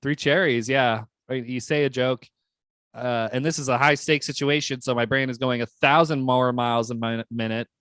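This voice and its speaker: A man co-hosting a casual podcast chat, telling an anxious story and acting out the voices in it with sudden high yelps. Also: fairly even intonation, normal speed, fairly bright tone, clear, resonant tone, no echo, clean studio sound. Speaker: podcast co-host.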